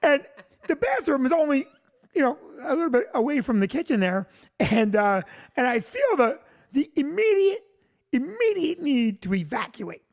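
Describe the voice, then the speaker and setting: A male comedian telling a long comic story, animated and breaking into shouted punchlines. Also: extremely high pitch, moderate pace.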